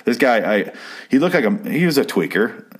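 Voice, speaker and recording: A man's voice: medium pitch, big pitch swings, brisk, husky. A man casually telling a long personal anecdote, rambling off on tangents and swearing freely. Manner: rambling, profane, digressive. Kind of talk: casual storytelling.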